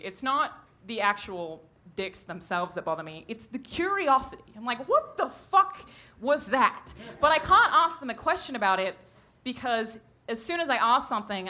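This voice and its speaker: A woman's voice: medium pitch, bright, forceful tone. A woman doing a stand-up comedy set on stage into a handheld mic, brash and profane, laughing at her own jokes. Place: comedy stage before a live audience.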